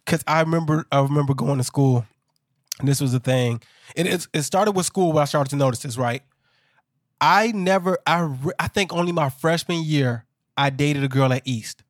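A man's voice: on the high side, normal speed, no room sound, studio quality. A man co-hosting a casual podcast, telling rambling anecdotes with restarts. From Chicago area. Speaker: podcast co-host. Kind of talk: casual chat recapping a reality show.

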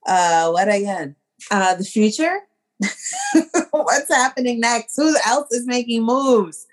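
A woman's voice: on the high side, expressive, slow pace. Woman podcast co-host, loose and tipsy, rambling casual chat.

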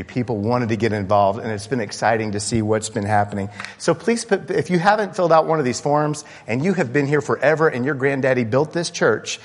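A man's voice: medium pitch, long reverb tail. A man preaching a sermon as pastor, talking conversationally to his congregation and building to impassioned peaks. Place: church sanctuary.

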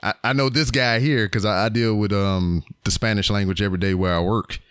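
A man's voice: fairly low pitch, steady tone, brisk, a bit bright, smooth, no room sound, clean studio sound. A man co-hosting a casual wrestling podcast, talking loosely with trailing fillers and casual swearing. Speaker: podcast co-host. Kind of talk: casual chat.

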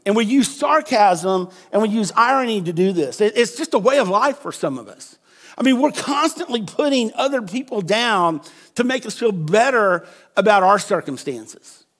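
A man's voice: high-pitched, fairly bright tone. A man preaching a conversational sermon, checking in with his listeners and often repeating words. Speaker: pastor.

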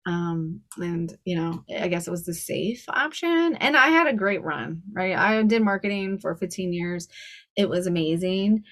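A woman in her forties, telling stories as a guest in a casual podcast interview, chatty and quick to laugh. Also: lowish voice, lively intonation, fairly bright tone. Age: 40s. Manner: chatty, laughs often, storytelling. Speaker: guest style coach.

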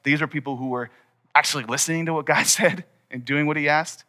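A man's voice: fairly high pitch, steady tone, brisk, bright, forceful tone. A young man preaching a sermon to his congregation in a casual, conversational way. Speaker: pastor. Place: church hall before a congregation.

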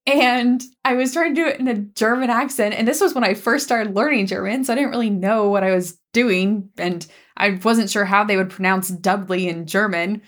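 A young adult woman co-hosting a casual podcast chat, an animated storyteller who laughs often. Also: mid-range voice, moderate pace, hardly any pauses. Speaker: podcast co-host.

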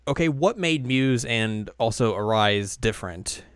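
A man's voice: medium pitch, lively intonation, measured pace, clear, resonant tone, no echo, clean studio sound. A man co-hosting a podcast, recapping an anime in a rambling, casual way with many fillers. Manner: rambling, filler-heavy, often acts out lines. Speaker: podcast co-host.

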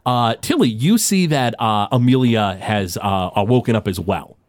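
A man running a tabletop game as game master, narrating in a loose, rambling way full of fillers. His pitch moves a lot, and the sound is dry and close. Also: lively intonation, moderate pace, dry recording. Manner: loose, full of fillers and restarts, laughs often.

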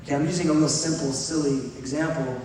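A middle-aged pastor preaching in a relaxed, conversational way, as if chatting with his congregation. His voice sits a little high for a man. It comes from far off the mic in a big, echoing church hall with faint noise behind. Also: fast. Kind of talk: sermon.

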